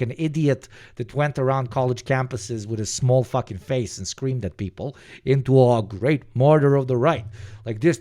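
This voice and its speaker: A man's voice: mid-range voice, darkish tone. Rambling, cursing male streamer. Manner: rambling, profane, laughs often, restarts a lot. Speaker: streamer reacting to clips. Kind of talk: casual reaction commentary.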